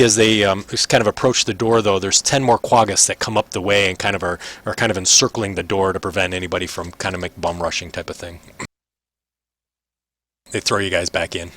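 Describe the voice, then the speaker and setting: A man's voice: sits low, steady tone, a little fast, pushed and bright. A man running a tabletop game as game master, narrating casually with many fillers.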